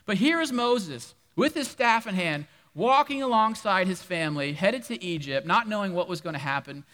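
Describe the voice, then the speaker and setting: A man delivers a sermon in a high, bright, forceful voice, spinning a Bible story with playful asides. His words ring through the long reverb of a church hall. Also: moderate pace. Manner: animated, humorous storytelling with asides to the congregation. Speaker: preacher.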